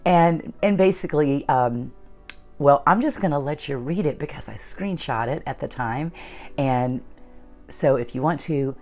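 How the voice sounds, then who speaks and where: A woman's voice: deep voice, a little slow, dark tone, soft background music. A middle-aged woman hosting her own channel, earnestly retelling a personal story and acting out the dialogue. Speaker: channel host.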